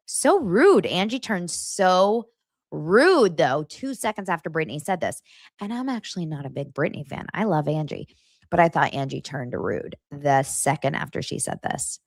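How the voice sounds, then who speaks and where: Speaking at a moderate pace, a woman hosts a gossipy reality TV recap podcast full of animated energy. Wide pitch swings come from her frequent high, mocking impressions of the cast; the audio is dry, close to the mic, and has no echo.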